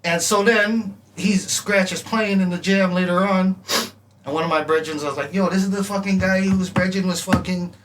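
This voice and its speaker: Animated, bright-voiced man telling stories. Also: high voice, moderate pace. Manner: animated, laughing storyteller, acts out scratches and vocal lines. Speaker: music producer guest. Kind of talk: casual storytelling chat. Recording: distant mic with faint ambient noise.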